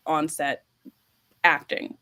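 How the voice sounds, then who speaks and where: A woman's voice: sits low, level tone, unhurried, bright, forceful tone. Bubbly teasing woman co-host. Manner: bubbly, teasing, laughs often. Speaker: podcast co-host. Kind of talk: casual chat.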